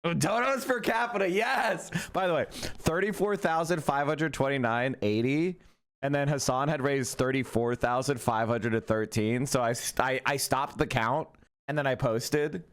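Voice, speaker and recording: A man's voice: mid-range voice, normal speed, clean tone. A man talking casually to his live-stream chat, joking and rambling with the odd swear word. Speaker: livestreamer.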